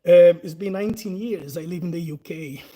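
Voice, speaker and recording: In a casual live Q&A and instruction session on self-defense, this Brazilian man in his forties talks loosely and laughs a lot, speaking English as a second language with a Brazilian Portuguese accent. The audio is poor, and his high voice is warm at a moderate pace.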